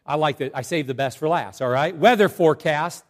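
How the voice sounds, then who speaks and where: A man preaching a sermon to a congregation, telling jokes and animated stories. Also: on the high side, brisk. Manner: joking, animated storytelling to a congregation. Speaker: pastor.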